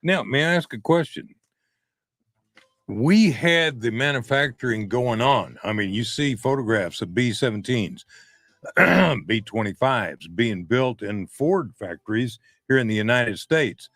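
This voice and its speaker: An eager male talk show host who breaks in with questions and keeps clearing his throat. Middle pitched and recorded dry, with no room echo. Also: lively intonation, measured pace, fairly bright tone. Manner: enthusiastic, interjecting, frequently clears throat.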